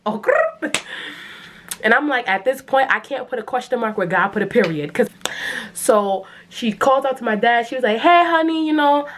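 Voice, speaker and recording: A New York City vlogger in her 20s tells a casual storytime to the camera, animated and dramatic as she acts out the quotes. Her voice sits on the high side and moves fairly quickly, with a little hiss or hum in the audio.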